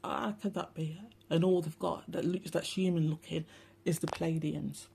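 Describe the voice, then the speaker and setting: A woman talks to her followers in a loose, rambling spiritual monologue. Her voice is gravelly and husky with a mellow, dark tone. She is blunt, sweary and sarcastic. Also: low-pitched, little pitch movement, normal speed. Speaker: spiritual channel host.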